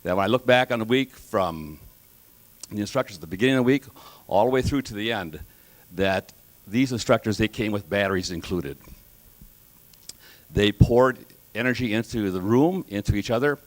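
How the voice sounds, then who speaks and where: A man graduating from auctioneering school, giving a measured, reflective thank-you speech with folksy humor. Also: on the low side. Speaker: graduating student.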